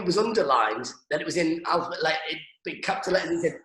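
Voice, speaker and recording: A man from northeast England, a comedian telling animated stories over a video call. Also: on the high side, quick pace, hardly any pauses, reverberant, poor audio. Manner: animated, excitable storytelling. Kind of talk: stand-up style chat on a video call.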